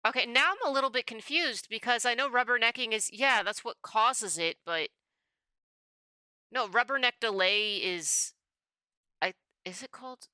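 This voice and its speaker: A woman's voice: a little high, moderate pace, bright, forceful tone, dry recording. A woman streamer chatting casually as she takes a quiz, thinking aloud, rambling and often correcting herself. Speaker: VTuber streamer. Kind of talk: casual chat while taking a quiz.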